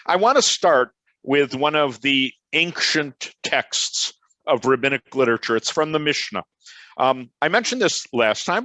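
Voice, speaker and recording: An older man with a Chicago accent gives an online lecture over a video call. He talks in a relaxed, chatty way and drifts into side stories. His voice sits in a middle register, and the sound is dry with almost no room echo. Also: mid-range voice. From Chicago, USA. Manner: conversational, anecdotal and digressive. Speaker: professor giving a lecture.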